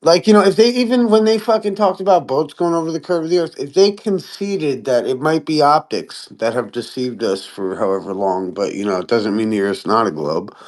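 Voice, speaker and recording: A man chatting casually on a podcast, swearing often and jumping into high-pitched impressions of other people. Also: normal speed, few pauses. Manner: profane, animated, mimics people in high voices. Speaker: podcast host. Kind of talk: casual chat.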